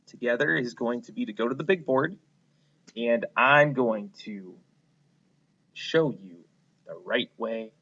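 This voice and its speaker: Patiently teaching phonics to little kids, this male kindergarten teacher encourages them and has them echo words back to him. He speaks with a medium-pitched, bright, forceful voice, and the recording's highs are cut off.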